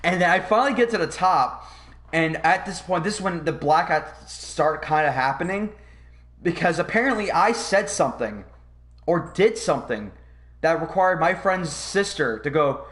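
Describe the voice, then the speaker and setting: A man's voice: a little high, normal speed. Rambling profane young man telling a story. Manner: rambling, profane, animated retelling. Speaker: podcast host. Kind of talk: casual storytelling.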